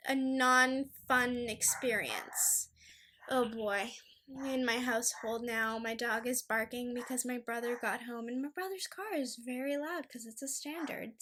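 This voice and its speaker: Bright-voiced woman ranting emphatically. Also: high-pitched, slight background noise. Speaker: podcast host. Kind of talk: casual solo podcast rant.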